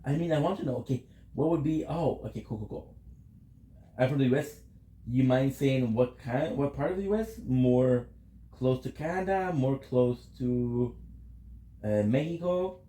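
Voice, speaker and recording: A man's voice: medium pitch, expressive, normal speed, mellow, reverberant. A tired man chatting casually with his viewers while streaming a game, rambling and answering questions from chat.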